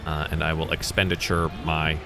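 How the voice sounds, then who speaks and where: A man from the US South running a tabletop game as game master, thinking aloud in a halting way. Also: a bass voice, monotone, creaky, over music.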